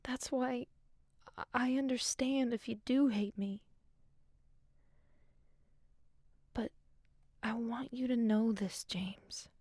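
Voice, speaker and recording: A dying wife speaks her last letter in a soft, intimate, half-whispered voice. Her tone is mellow and dark, close and dry, and she talks slowly, lingering on each word. The sound is that of a voiced video game scene. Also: on the high side, steady tone, no room sound. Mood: regretful.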